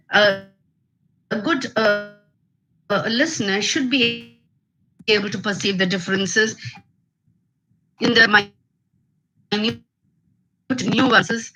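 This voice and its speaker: A woman with an Indian English accent giving an academic lecture on phonetics over a video call, deliberate and full of fillers and restarts. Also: mid-range voice, sharp tone, low-quality recording.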